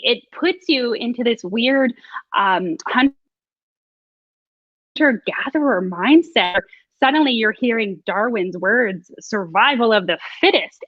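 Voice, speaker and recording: A chatty, reflective woman hosts a casual talk, her voice a little high. The sound is dry and a bit dull, like a lo-fi mic close up. She laughs often as she thinks aloud. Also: animated, measured pace, no room sound. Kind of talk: casual conversation.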